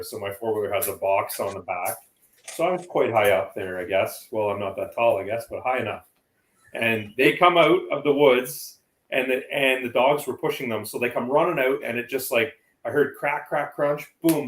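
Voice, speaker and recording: A man in casual conversation on a live show, telling a lively hunting story. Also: on the low side. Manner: lively storyteller who acts out what he said. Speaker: panel speaker. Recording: roomy echo.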